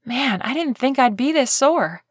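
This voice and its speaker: Audiobook heroine: woman narrator doing a bright, breezy young woman, lifted tone. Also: high voice, lively intonation, unhurried, no echo, clean studio sound, voice pushed up. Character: cheerful young woman radio celebrity, flustered. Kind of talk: audiobook character voice.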